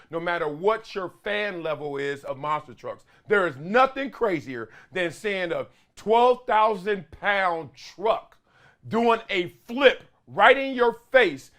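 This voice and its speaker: A man hosting his own show, telling family stories in a casual, animated way full of slang and loud exclamations. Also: on the high side. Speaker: show host; father and youth coach. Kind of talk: casual solo talk-show monologue.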